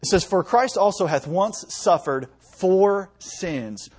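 A man's voice: sits high, animated, slow pace, hardly any pauses, husky. A man in his thirties preaching a sermon, telling stories and using paper props with his young sons in a conversational way. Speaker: pastor. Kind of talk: sermon with object lesson.

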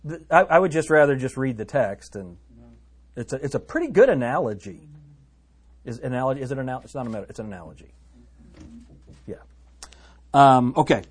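A man with a slightly husky voice leads a casual verse-by-verse Bible study. He reads scripture aloud, then drifts into chatty, joking asides. His pitch sits in an ordinary middle range. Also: animated, brisk, pauses often. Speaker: Bible teacher.

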